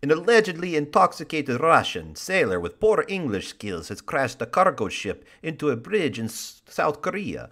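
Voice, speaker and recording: A man's voice: medium pitch, fairly bright tone. A man putting on a mock Russian accent to read a news story in a hammy, over-the-top way.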